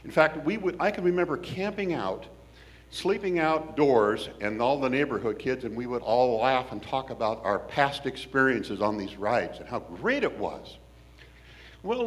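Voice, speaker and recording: Animated folksy storyteller, man. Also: medium pitch. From Washington State, US. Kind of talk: personal storytelling.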